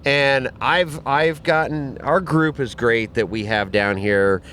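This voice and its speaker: A man's voice: mid-range voice, takes it slowly, fairly bright tone, slight background noise. A man talking casually outdoors at a desert camp, swearing freely and rambling with restarts. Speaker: guest, off-roader and camp host. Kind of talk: casual outdoor podcast chat.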